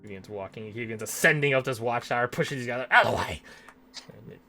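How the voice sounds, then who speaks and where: A man running a tabletop game as game master, narrating in a lively, jokey way. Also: medium pitch, quick pace, gravelly, faint music behind.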